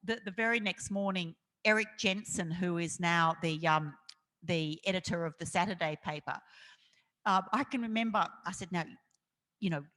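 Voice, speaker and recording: A woman's voice: lowish voice, moderate pace. Laughing Australian woman telling stories. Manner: animated anecdotal storytelling with frequent laughter. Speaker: investigative journalist, guest. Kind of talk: storytelling interview on stage. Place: festival event hall. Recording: long hall reverb.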